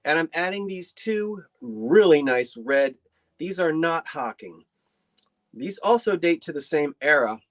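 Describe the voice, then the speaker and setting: A woman's voice: low-pitched, lively intonation, measured pace. Woman, live sale host, chatty, folksy, home living room. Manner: chatty, folksy, trails off and restarts while describing items. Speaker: online antiques auction host. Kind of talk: live sale stream presenting.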